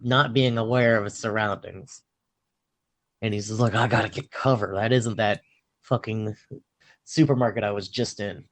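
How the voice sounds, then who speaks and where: A man co-hosting a casual podcast, retelling a film scene by scene with swearing and bursts of acted-out lines. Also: medium pitch. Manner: animated storytelling, swearing, acting out lines. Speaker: podcast co-host recapping a film. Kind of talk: casual chat.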